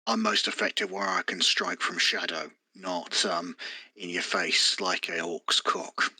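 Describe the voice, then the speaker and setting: A man's voice: low-pitched, huge pitch swings, unhurried, bright, forceful tone, husky, dry recording, poor audio. A man playing his character in a tabletop game with crude, sardonic banter. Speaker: player.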